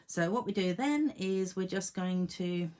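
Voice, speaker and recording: A woman's voice: lowish voice, expressive, a little slow, a little mellow. A woman demonstrating card making in a casual tutorial at her home craft desk, chatting to herself and her tools and laughing at her own jokes.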